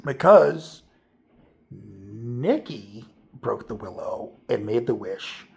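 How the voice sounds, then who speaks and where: A man's voice: medium pitch, animated, drawn-out words, gravelly. A man giving a casual, spoilery movie review, rambling and swearing freely with lots of fillers.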